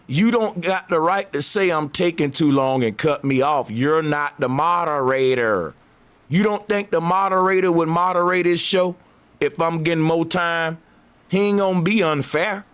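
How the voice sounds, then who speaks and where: A man's voice: on the high side, moderate pace, a bit bright, clear, resonant tone. A man in a heated live debate, arguing insistently and repeating his points. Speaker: debate show host.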